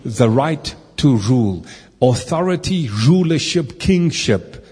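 A man's voice: mid-range voice, lively intonation, slow, a little mellow, husky. A man teaching from the Bible to a live group, asking his listeners questions and making playful asides. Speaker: preacher. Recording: echoey hall.

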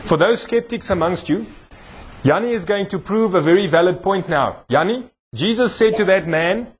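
A man's voice: high voice, expressive, normal speed, a little hiss or hum. A man pastor with a South African accent, preaching a sermon in a church and joking with a volunteer. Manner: jokey, teasing with a volunteer, preaching with rising emphasis. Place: church hall.

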